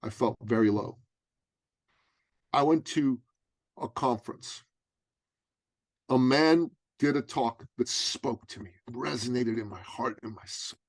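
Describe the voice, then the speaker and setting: A man's voice: medium pitch, slightly rough, no echo. A man, a business coach and author, telling a story in an interview and acting out the dialogue. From Canada. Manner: animated storyteller, acts out dialogue.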